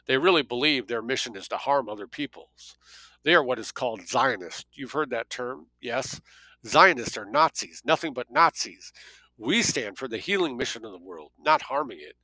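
A man voicing a calm, persuasive male agent who speaks in a measured, lecturing monologue. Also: mid-range voice, no room sound, low-quality recording.

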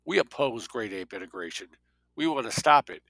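A man voicing a calm, persuasive male agent who speaks in a measured, lecturing monologue. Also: medium pitch, vocal fry, no room sound, poor audio.

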